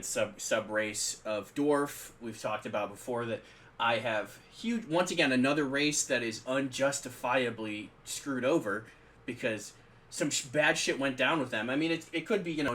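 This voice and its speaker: A man's voice: medium pitch, a bit bright, slight background noise. A man co-hosting a podcast, talking about tabletop games in a rambling, conversational way with frequent restarts. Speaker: podcast co-host.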